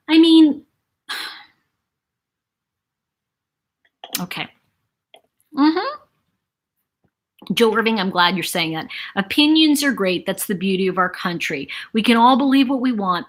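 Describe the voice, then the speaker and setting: A woman hosts a casual live-stream chat and talks straight to her viewers. Her voice sits a little high and has a soft, breathy quality. She speaks in a chatty, animated way and keeps turning to read viewer comments. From New York City. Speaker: host.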